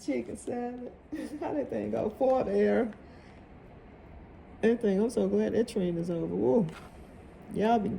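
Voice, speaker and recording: A woman's voice: medium pitch, gravelly, mellow, slight background noise. A woman giving a casual tarot reading to viewers, emphatic and motivational, often repeating her phrases. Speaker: tarot reader.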